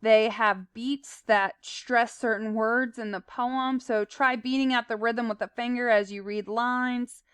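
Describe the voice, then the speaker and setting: Smooth-voiced woman teaching. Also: a little high, fairly even intonation, measured pace, hardly any pauses, fairly bright tone, dry recording. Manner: explains plainly, with fillers and asides. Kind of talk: recorded slide lesson.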